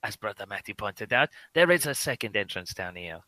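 A man's voice: on the low side, very animated, brisk, bright, forceful tone, dry recording. A man joking and rambling through an anecdote while playing a tabletop game with friends. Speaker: player.

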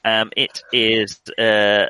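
A man's voice: fairly low pitch, monotone, very slow, bright, forceful tone, clean tone, dry recording, rough recording. A man narrating a tabletop role-playing game as game master, wordy and hesitant, with dry humor.

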